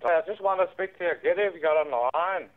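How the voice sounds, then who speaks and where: Dublin Irish man, caller, calm and persistent, tinny phone line. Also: a little high, quick pace, dry recording. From Ireland. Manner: calm, persistent, repeats himself.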